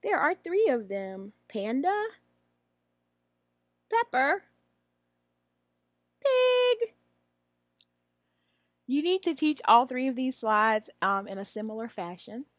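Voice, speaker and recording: High-voiced woman coaching teachers. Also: animated, a bit bright, dry recording. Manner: shifts into high, drawn-out teacher voice for modeled phrases. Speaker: online English teacher trainer. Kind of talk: instructional walkthrough.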